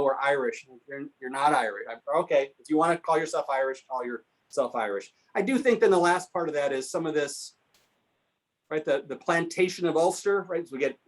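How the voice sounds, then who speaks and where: Animated storytelling man, fairly high voice. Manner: animated, acts out quoted voices. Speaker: guest speaker on local history.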